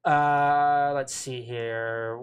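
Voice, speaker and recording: A man's voice: mid-range voice, fairly even intonation, extremely slow. A man co-hosting a sports talk show, arguing his point emphatically and repeating himself for stress. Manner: emphatic, reads viewer comments aloud; passionate, repeats himself when making a point. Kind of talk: casual debate.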